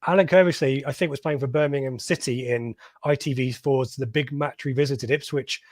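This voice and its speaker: A man's voice: medium pitch, steady tone, a little fast, no echo, studio quality. A man from England hosting a live fan podcast, reading out viewer comments with jokey asides. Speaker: podcast host. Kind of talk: live reaction stream chat.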